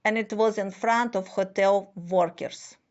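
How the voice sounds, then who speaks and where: Slow deliberate woman, dull lo-fi sound. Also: medium pitch, steady tone, a little mellow. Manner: slow, deliberate, halting phrasing with non-native grammar. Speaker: spiritual speaker. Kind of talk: slow scripted monologue.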